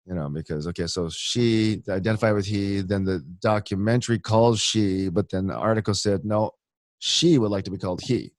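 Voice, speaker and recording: A man's voice: fairly low pitch, moderate pace, no echo. A man from Hawaii, hosting a casual chat and rambling and teasing with many restarts. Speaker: podcast host.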